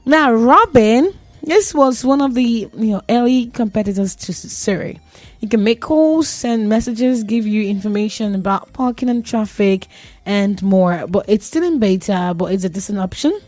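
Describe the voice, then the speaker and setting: A woman's voice: on the high side, animated, moderate pace, darkish tone, dry recording. A young woman hosting a radio show, talking about tech in a chatty, joking way and laughing at herself. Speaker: radio host. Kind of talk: casual tech talk on radio.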